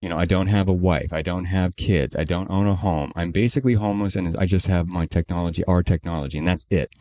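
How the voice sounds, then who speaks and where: A man co-hosting a podcast, telling a long story in a casual, animated way and acting out the people he quotes. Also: sits low, fast. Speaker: podcast co-host, company CEO.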